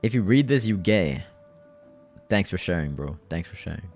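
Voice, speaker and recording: A man's voice: sits low, animated, normal speed, a little mellow, soft background music. A man hosting a livestream, chatting casually with viewers in loose slang and often repeating his phrases. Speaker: livestream host.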